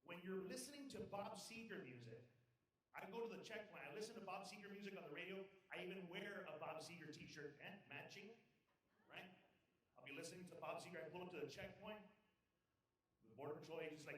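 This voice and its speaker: Bright-voiced man doing stand-up. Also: on the high side, fast talker. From South Texas. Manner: chuckles at his own jokes, jumps into loud character voices. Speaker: stand-up comedian. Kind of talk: live stand-up comedy. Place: event hall with live audience. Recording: echoey hall, picked up from far off.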